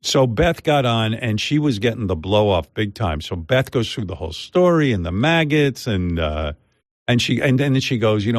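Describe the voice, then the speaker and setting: A man's voice: on the low side, moderate pace, dry recording. An older man, a radio host, telling a long rambling story in casual chat on a studio mic. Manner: rambling, animated, mimics others' voices in quotes. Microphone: studio microphone.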